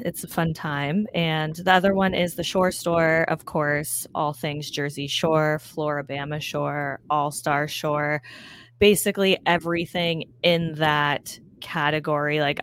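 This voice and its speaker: Lower-voiced woman podcast guest, chatty. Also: a little hiss or hum. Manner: chatty, upbeat, uses many fillers like "like". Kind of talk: casual chat.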